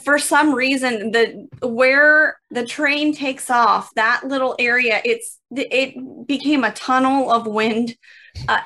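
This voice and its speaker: A woman's voice: fairly high pitch, sharp tone. A woman co-hosting a podcast, telling a self-mocking funny story in casual chat. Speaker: podcast co-host.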